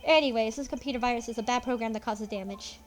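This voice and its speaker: A woman's voice: on the high side, quick pace, faint music behind, close to an everyday voice. A woman reading an earnest young lawyer. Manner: thoughtful, questioning. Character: young male defense lawyer, earnest, wry. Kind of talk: fan voice-over of a game.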